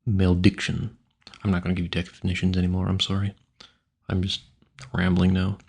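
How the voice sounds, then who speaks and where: A man with a very low, gravelly voice talks casually into a home mic. His tone is husky and a little rough. He muses aloud and trips over hard words as he tries them out. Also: monotone, brisk, darkish tone. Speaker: audio creator. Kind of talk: rambling casual talk.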